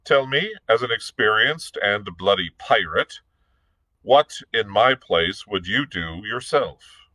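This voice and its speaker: A man's voice: lowish voice, animated, slow, sharp tone, dry recording, exaggerated voice, low-quality recording. A man voicing a sardonic, witty Irish pirate captain, speaking in a dry, mocking, self-assured way in a read-aloud story. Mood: coolly menacing.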